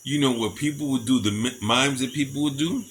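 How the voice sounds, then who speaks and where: A middle-aged man talks in a loose, rambling monologue at a medium pitch, animated and quick to chuckle as he goes. Faint crickets and insects hum behind him. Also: poor audio. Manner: animated, chuckles often between stories. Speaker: storyteller. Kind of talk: casual monologue.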